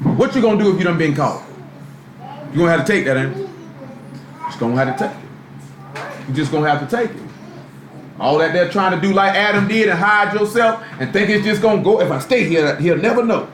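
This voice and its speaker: A man's voice: high-pitched, expressive, brisk, pauses often. A man preaching a live sermon in a loose, street-style way, full of rhetorical questions. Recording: echoey room, faint background noise, live stream.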